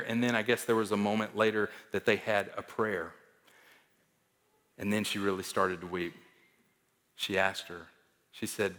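A man preaching a sermon as pastor, emphatic, rising to loud stresses and dropping to soft endings. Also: on the low side, fairly even intonation, normal speed. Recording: long reverb of a large hall.

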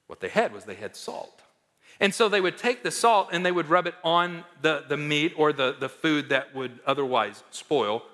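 A man preaching a sermon as pastor, emphatic, swinging between loud declarations and hushed asides. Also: fairly high pitch, expressive, normal speed, big-room sound.

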